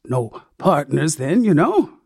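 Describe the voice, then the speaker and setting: A man voicing an eager, giggling old man with a shrill, cracked voice in a storybook reading. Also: big pitch swings, creaky, darkish tone, slightly rough, dry recording, clean studio sound, full character voice. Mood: gleeful. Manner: drawn-out, high, sing-song calls.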